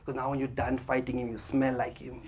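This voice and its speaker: A man's voice: medium pitch, monotone, fairly quick. A South African man doing stand-up comedy, chatting with the crowd and acting out voices in his stories. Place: comedy club stage. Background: audience laughter.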